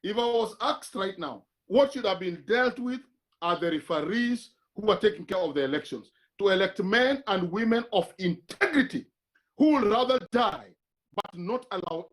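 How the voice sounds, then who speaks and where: This is a Kenyan man with a notably high voice, speaking as a guest on a church television panel. He builds his argument with emphatic, sermon-like exhortation, turning to the listener with direct appeals.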